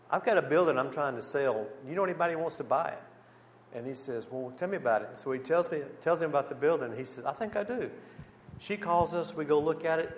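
Brief: man at mid pitch presenting a church mission slideshow, animated storyteller voicing other people, faint noise behind. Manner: lively storyteller, acts out dialogue, exclaims "whew". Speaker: missionary speaker.

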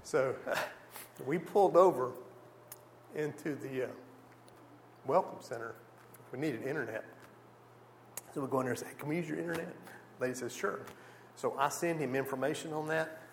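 A man giving a church mission presentation with slides, a lively storyteller who acts out the conversations he describes. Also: on the high side, moderate pace, long pauses, slight background noise. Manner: lively storyteller, acts out dialogue, exclaims "whew". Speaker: missionary speaker.

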